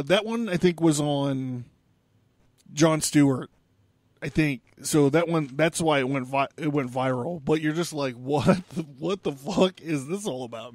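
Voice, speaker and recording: A man's voice: sits high, dry recording. A man hosting a casual podcast monologue, rambling and sarcastic, swearing often. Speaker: podcast host.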